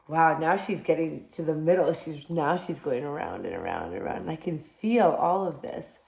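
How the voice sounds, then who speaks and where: A woman, a kindergarten teacher, reading a picture book aloud to young children in an animated storytelling manner and inviting them to say lines along with her. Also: deep voice, moderate pace, gravelly, hardly any pauses. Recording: roomy echo.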